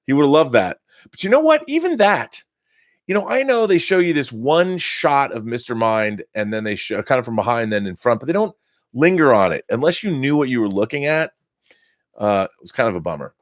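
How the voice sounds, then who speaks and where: A middle-aged man hosting a casual live-stream chat, reading out viewer messages and riffing on them in an animated way. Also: mid-range voice, brisk, dry recording, studio quality. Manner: reads viewer messages aloud and riffs on them. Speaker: host.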